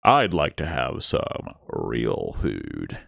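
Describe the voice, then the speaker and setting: Tired old-ish lab guy muttering slow, gravelly low voice, a man reading him, dry close sound. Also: wildly swooping pitch, a bit bright, dry recording, heavily acted. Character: weary middle-aged male lab scientist, grumbling to himself.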